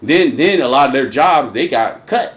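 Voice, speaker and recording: A man's voice: mid-range voice, lively intonation, normal speed. A man hosting a casual religious commentary chat, talking emphatically and profanely with lots of restarts. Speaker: host.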